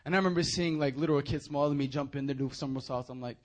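A young man preaching a sermon, moving from hushed, earnest appeals to loud, animated storytelling. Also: medium pitch, racing.

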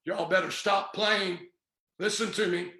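A Pentecostal preacher, a man, preaching a fiery sermon, often shouting with passion and confronting his listeners. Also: sits high, fairly even intonation, a little slow, reverberant, low-quality recording.

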